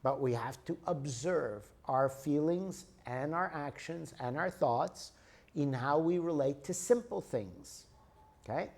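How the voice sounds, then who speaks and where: A man's voice: on the high side, slow pace, vocal fry, a little mellow. A man giving a lecture and answering an audience member, explaining patiently and often checking in with "okay?" and "right?". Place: lecture room.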